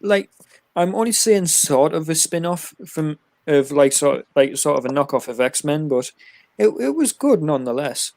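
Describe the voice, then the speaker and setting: A man's voice: a little high, lively intonation, normal speed, vocal fry, a little mellow, no echo. A man co-hosting a casual podcast chat, rambling and laughing at his own stories. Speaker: podcast co-host.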